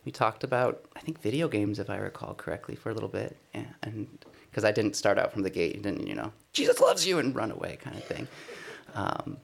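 A man's voice: lowish voice, fairly quick, gravelly. A man giving a conversational sermon, telling a personal testimony in an earnest, self-deprecating way. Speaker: speaker sharing a personal testimony.

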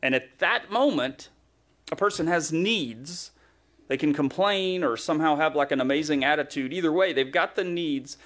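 A man's voice: a little high, moderate pace, a bit bright. A male pastor preaching a sermon in a conversational, humorous way, acting out grumbling voices.

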